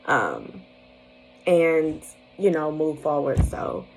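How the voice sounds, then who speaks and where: A woman's voice: sits low, very animated, very slow, rough recording. A young woman, a single mother, telling viewers about her morning in a casual, chatty way, laughing often and reassuring them directly. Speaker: single-mom vlogger. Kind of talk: casual storytelling to camera.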